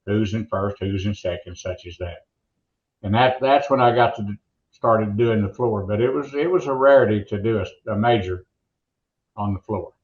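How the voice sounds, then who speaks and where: Speaking at a moderate clip in a lowish voice, this older Oklahoman tells rambling, folksy jokes and stories as an interview guest. He's a former monster truck announcer, the talk is casual, and the audio is dull.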